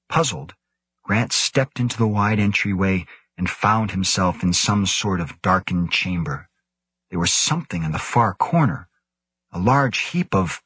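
A man narrating an audiobook in a measured, suspenseful manner. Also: fairly low pitch, fairly bright tone, breathy edge, no room sound.

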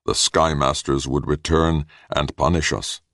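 A man voicing a solemn alien tribesman in an audiobook, intoning his lines slowly. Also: rumbling low, steady tone, creaky, fairly bright tone, dry recording, clean studio sound, exaggerated voice. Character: tribal alien man, slow and solemn elder.

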